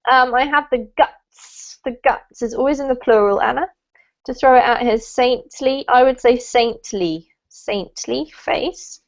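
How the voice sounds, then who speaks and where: A woman's voice: high-pitched, lo-fi sound. A woman English teacher patiently correcting a student's writing in an online lesson, reading passages aloud and explaining.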